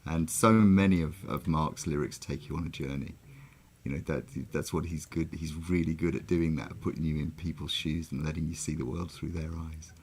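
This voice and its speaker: British male host, deep husky voice, chatty and rambling. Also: steady tone, moderate pace, a little mellow. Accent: British English. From Britain. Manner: rambling, repeats words, laughs often. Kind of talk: casual chat.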